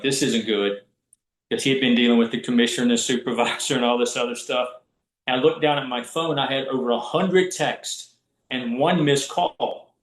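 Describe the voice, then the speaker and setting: A man's voice: medium pitch, echoey room, low-quality recording. A man, a college basketball referee telling stories in a casual podcast chat, acting out the voices of the people he quotes. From Southwest Virginia. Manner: animated, acts out quoted voices. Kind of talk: casual storytelling.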